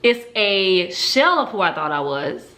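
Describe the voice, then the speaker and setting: This personal testimony comes from a woman whose medium-pitched, sharp voice is very animated yet a little slow. She recounts her experience candidly and reflectively, often saying "um."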